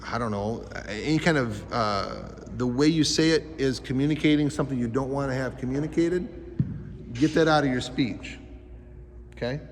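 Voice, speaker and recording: A man's voice: mid-range voice, moderate pace, a little hiss or hum. A man teaching a life skills class to youths, talking with energy and quizzing the kids with questions. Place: school gym. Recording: echoey gym hall.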